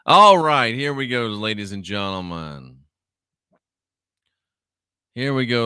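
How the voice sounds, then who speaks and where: A man's voice: mid-range voice, lively intonation, slow pace, long pauses, sharp tone, clear, resonant tone, no room sound, clean studio sound. A man who used to be a minister hosting a livestream, drawling sarcastically while he reads viewer comments aloud. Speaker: online show host, former minister. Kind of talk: livestream commentary reading chat.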